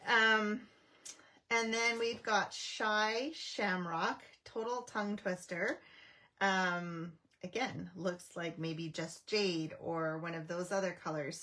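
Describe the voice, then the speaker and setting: A woman's voice: medium pitch, a bit bright. A middle-aged woman from Canada hosting a casual craft live stream, chatting with viewers, greeting them by name, with frequent ums and restarts.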